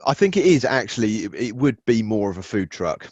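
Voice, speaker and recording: A low-voiced man chatting on a podcast, rambling and swearing as he stops and restarts his thoughts. The sound is dull and lo-fi, with a dry, close feel and no room around it. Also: big pitch swings, a little fast, a little mellow, husky, dry recording. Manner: rambling, self-interrupting, profane. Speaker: podcast co-host. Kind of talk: casual chat.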